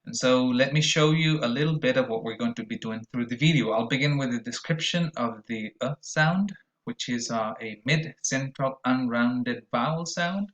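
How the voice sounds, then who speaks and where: A man's voice: mid-range voice, moderate pace, fairly bright tone, muffled recording. Patient man teaching pronunciation. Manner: explanatory, patient, models sounds aloud. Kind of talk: recorded video lecture.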